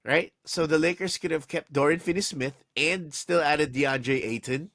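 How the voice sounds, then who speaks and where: An animated man co-hosting a sports podcast, venting with exasperation and tripping over his own restarts. His voice sits a little higher than most men's. The sound is dry and close, with no room around it. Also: moderate pace, no room sound. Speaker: podcast co-host. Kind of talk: casual sports podcast chat.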